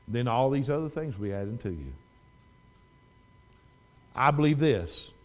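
Folksy preacher man, loud then hushed. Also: medium pitch, lively intonation, a little slow. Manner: swings from loud fervent exhortation to quiet storytelling; folksy, repeats and restarts phrases. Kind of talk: sermon. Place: church.

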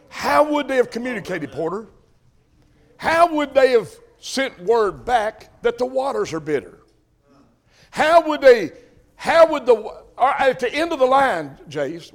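An older man preaching a folksy sermon, calling questions out to his congregation. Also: very high-pitched.

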